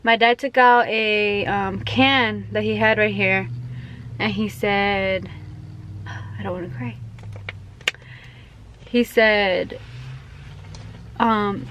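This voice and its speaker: A woman's voice: mid-range voice, steady tone, extremely slow, pauses often, rough recording. A young woman vlogging casually on a phone, rambling with lots of fillers and talking to her little son. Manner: rambling, filler-heavy, talks to her toddler. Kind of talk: casual chat. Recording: loud street and traffic noise.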